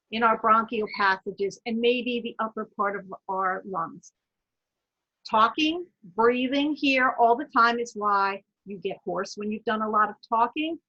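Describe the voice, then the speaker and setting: A woman leading a guided laughter yoga lesson in an encouraging, chatty way, breaking into loud chanted laugh sounds, recorded on dull lo-fi online talk audio. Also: on the high side, husky. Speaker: wellness presenter.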